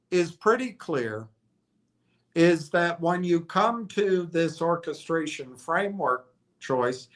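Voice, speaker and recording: A stock commentator hosts a stream, speculating aloud in a casual monologue that's rambling and hesitant, with many restarts and fillers. His voice is on the high side and a bit bright.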